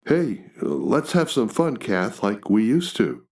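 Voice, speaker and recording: A man's voice: on the low side, very animated, slow, darkish tone, exaggerated voice. A man reading a storybook, voicing a young man who is charming but can sneer and tease. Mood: coaxing. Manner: teasing, sneering at times. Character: young man, charming yet sharp-tongued.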